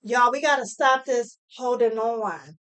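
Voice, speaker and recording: A woman's voice: fairly high pitch, measured pace, fairly bright tone, clear, resonant tone. A woman giving a heartfelt motivational talk to camera, earnest and preachy, repeating phrases for emphasis. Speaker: motivational speaker.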